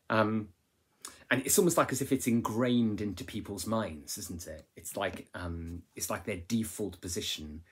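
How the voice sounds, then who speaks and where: A man explains a novel in a relaxed lesson style, often ending points with tag questions. His voice is low and husky. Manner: conversational, asks rhetorical tag questions; restarts and fillers while explaining. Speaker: English literature teacher.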